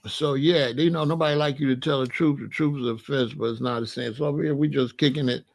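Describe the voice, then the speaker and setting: A man in his sixties telling stories in a casual, animated way, full of street slang and "you know what I'm saying.". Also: medium pitch, quick pace, vocal fry. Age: 60s. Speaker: channel host. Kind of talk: casual storytelling monologue.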